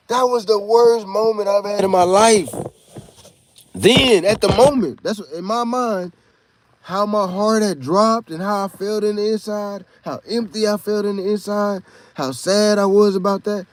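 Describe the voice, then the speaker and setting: A man's voice: high-pitched, unhurried. A man from Texas with a Texan accent, a podcast host telling a rambling, profane story in a casual monologue.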